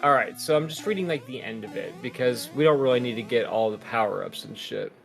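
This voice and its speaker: A man's voice: mid-range voice, lively intonation, fast, vocal fry, soft background music. A man co-hosting a casual gameplay chat, giving easygoing commentary and dry jokes. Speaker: podcast co-host.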